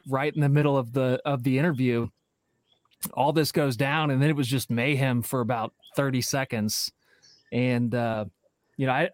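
A man speaks in easygoing, halting sentences, pausing often with "uh" as he recalls a scene. His voice sits mid-range for a man. The sound is dry and close. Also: medium pitch, no echo. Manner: halting, many "uh" pauses. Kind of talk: casual chat.

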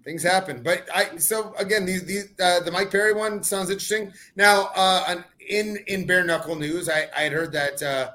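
A man's voice: high-pitched, fairly even intonation, moderate pace, hardly any pauses, bright, forceful tone. A man who competes in combat sports, talking casually on a podcast with many fillers and restarts. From California. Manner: rambling, filler-heavy, restarts often. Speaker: fighter and podcast guest. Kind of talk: casual chat.

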